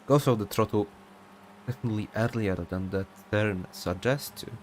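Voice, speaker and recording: A young man calls an online sim race in a loose, chatty, rambling way, full of fillers and side remarks. His voice sits on the lower side. A faint hum runs underneath. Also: normal speed. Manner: casual, rambling, many fillers and asides. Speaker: sim racing commentator. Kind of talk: live race commentary.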